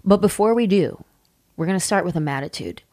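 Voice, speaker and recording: A woman in her forties hosting a podcast in casual chat, playful and expressive. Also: fairly low pitch, fairly quick. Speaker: podcast host.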